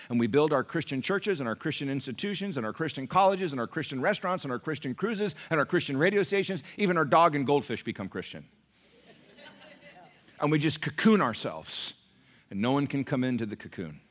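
A middle-aged American man preaching a sermon in a church, emphatic and joking, dropping to a hush and then rising loud. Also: mid-range voice. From United States. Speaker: pastor.

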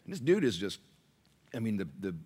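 A middle-aged American man preaching a sermon in a church, emphatic and joking, dropping to a hush and then rising loud. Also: on the low side, big pitch swings, a little fast, breathy edge. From United States. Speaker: pastor.

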